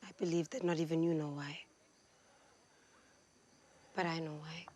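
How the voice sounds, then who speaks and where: Quiet, confiding woman playing a schemer. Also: sits low, level tone, normal speed, slight background noise, close to an everyday voice.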